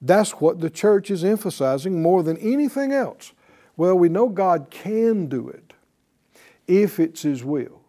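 Teaching a class, this middle-aged Bible teacher has a high, dark voice with big pitch swings and a measured pace. His sermon is emphatic, packed with rhetorical questions and repeated phrases.

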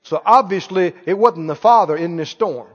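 A man preaching a sermon, animated, asking the congregation questions and acting out scenes. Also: sits high, normal speed. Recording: reverberant church hall, dull lo-fi sound.

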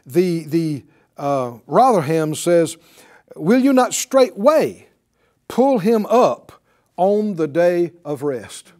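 Animated, high-pitched preacher man. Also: takes it slowly. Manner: animated, calls for responses from the congregation. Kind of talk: sermon.

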